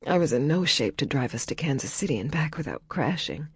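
A woman voicing a grieving, guarded young woman who talks in a halting, self-conscious way. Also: deep voice, expressive, darkish tone, slightly rough, no echo, studio quality, exaggerated voice.

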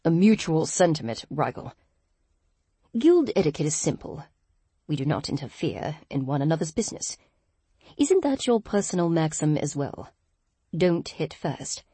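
A woman's voice: deep voice, husky, dry recording, heavily acted. A woman narrator voicing a composed male guild leader who speaks coolly and evenly, heard over a phone call. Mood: coolly stern. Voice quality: calm, cool, measured. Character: calm, deep-voiced male guild leader.

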